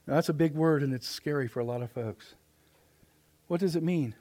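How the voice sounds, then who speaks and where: High-voiced middle-aged pastor preaching. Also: male voice, moderate pace, long pauses. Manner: swings from loud emphatic preaching to hushed quiet asides; plain folksy speech. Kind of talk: sermon. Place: church sanctuary.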